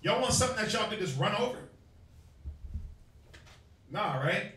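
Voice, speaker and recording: A man's voice: high-pitched, expressive, moderate pace, pushed and bright. A man preaching to a crowd, firing questions at them in a call-and-response Bible teaching. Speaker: street preacher. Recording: echoey space, far from the mic.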